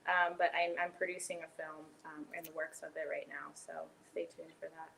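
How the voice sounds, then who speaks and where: A woman actress on a video call, speaking quietly and offhandedly about her next projects. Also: low voice, level tone, a little fast, gravelly, slight background noise, poor audio. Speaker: actress guest. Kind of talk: casual video call chat.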